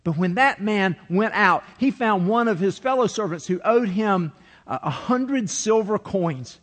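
A man's voice: sits high, lively intonation, unhurried, a bit bright. A man preaching a sermon as pastor, telling a story and reading scripture, acting out the quoted voices as he goes.

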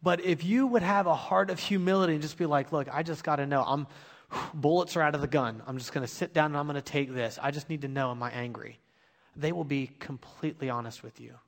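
A man in his thirties giving an earnest, confessional sermon, telling a personal story and urging listeners. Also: fairly high pitch. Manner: earnest, confessional, rising to emphatic exhortation. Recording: long hall reverb.

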